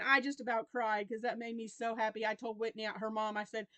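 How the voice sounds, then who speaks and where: A woman's voice: a little high, little pitch movement, fairly quick, hardly any pauses, a bit bright, dry recording. Chatty Southern grandmother, dry close sound. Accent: Southern American. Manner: chatty, rambling with restarts and fond anecdotes. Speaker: crochet vlogger. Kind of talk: casual chat to camera.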